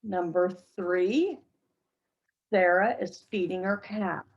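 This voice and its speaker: A woman's voice: fairly low pitch, slow pace, highs cut off. A woman teaching an English pronunciation lesson to a class, carefully modeling short sentences for learners to repeat.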